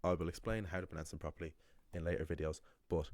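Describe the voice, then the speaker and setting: A man corrects learners' common Irish pronunciation mistakes in an emphatic, critical way, restarting himself often. He talks fairly quickly in a low, steady, slightly mellow voice on a dry recording.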